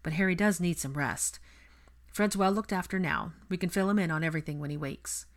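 A woman voicing a concerned, supportive young man in a storybook reading, speaking quietly in her own low voice. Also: brisk, close to an everyday voice.

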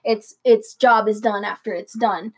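A woman's voice: mid-range voice, fairly even intonation, a little slow, husky. A young woman co-hosting a late-night podcast, rambling casually with lots of fillers and restarts. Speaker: podcast co-host.

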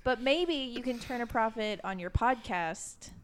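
A woman's voice: a little high, lively intonation, a little slow, slight background noise. Casual teasing woman podcast co-host. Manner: casual, swears freely, teasing. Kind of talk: casual chat.

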